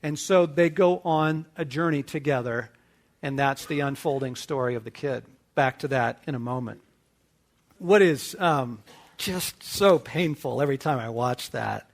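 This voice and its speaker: A middle-aged man hosting a talk to men, telling a movie story with lively acted-out dialogue. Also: mid-range voice. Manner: animated storyteller acting out dialogue. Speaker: host. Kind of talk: casual teaching talk to men.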